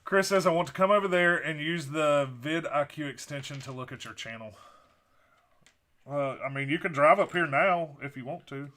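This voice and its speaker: Bright-voiced man chatting on a stream. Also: on the high side, normal speed. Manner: easygoing, reads chat comments, rambling asides. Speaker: co-host of a building live stream. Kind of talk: casual live-stream chat.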